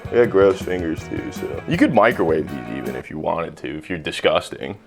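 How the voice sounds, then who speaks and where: A man's voice: low voice, lively intonation, fairly quick, gravelly, faint music behind. Crude joking young man cooking. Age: young adult. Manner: crude, profane, self-mocking jokes. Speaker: cooking video host. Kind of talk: casual comedic cooking vlog.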